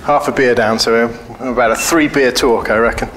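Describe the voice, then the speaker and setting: Brisk and steady, his mid-range voice has a fairly bright tone as he delivers a laid-back conference talk full of jokes, bluntness and swearing. The hall sounds echoey, with faint ambience and slight background noise.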